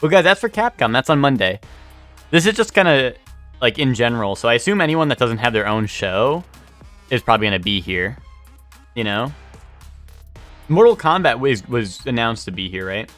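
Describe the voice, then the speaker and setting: A man's voice: medium pitch, sing-song, moderate pace, pauses often, fairly bright tone, faint music behind. A young man streaming live, chatting casually and rambling as he answers his chat.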